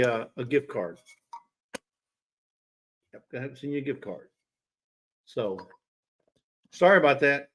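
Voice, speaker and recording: A man's voice: fairly high pitch, fairly bright tone. A man hosting a casual livestream, chatting and teasing his viewers by name. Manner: chatty, teasing, talks straight to chat viewers. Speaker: livestream host.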